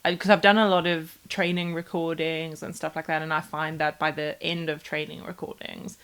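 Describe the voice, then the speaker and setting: Lower-voiced South African woman, casual. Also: flat delivery, normal speed, a bit bright, smooth. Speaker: podcast co-host. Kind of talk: casual chat.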